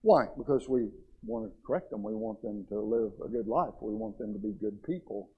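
A man preaching a sermon in a church, fervent, swinging between loud and quiet. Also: fairly low pitch, animated, brisk, slightly rough, narrow, tinny audio. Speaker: pastor.

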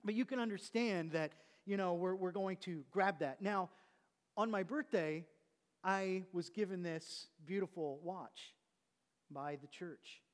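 A man preaches as pastor, teaching his congregation through rhetorical questions and slowing down to stress key words. His voice sits high, and the recording has a long hall reverb.

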